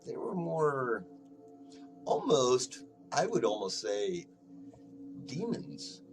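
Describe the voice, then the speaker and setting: A man's voice: mid-range voice, big pitch swings, extremely slow, faint music behind. A man co-hosting a casual podcast, dry and argumentative as he corrects his co-host. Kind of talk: casual chat.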